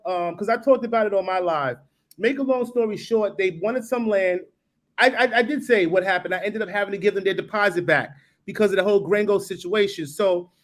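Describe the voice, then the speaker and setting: A man with a fairly high voice tells stories in a loose, rambling live-stream chat. He restarts his sentences and keeps checking in with his listeners. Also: fairly bright tone. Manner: rambling, restarts, asks "you know what I mean?". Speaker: guest building in the Caribbean.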